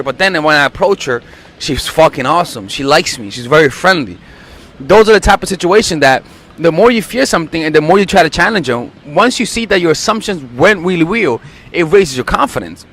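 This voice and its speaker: A man's voice: fairly high pitch, expressive, brisk, fairly bright tone, slight background noise. A young man coaching on dating, blunt and profane, acting out quoted lines. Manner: profane, emphatic, acts out quotes. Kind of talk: blunt dating advice monologue.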